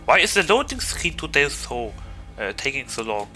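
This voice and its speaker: A man's voice: mid-range voice, big pitch swings, normal speed, bright, forceful tone, soft background music, low-quality recording. A man with a German accent chatting loosely and jokingly to viewers as a game streamer. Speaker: VTuber streamer. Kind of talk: gaming livestream chat.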